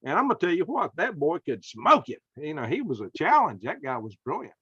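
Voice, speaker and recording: A man's voice: a little high, huge pitch swings, fairly quick, bright, forceful tone, breathy edge, dry recording, dull audio. A man with a Southern American accent, hosting a casual conversation in a folksy, emphatic storytelling manner. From Southern United States. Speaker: podcast host.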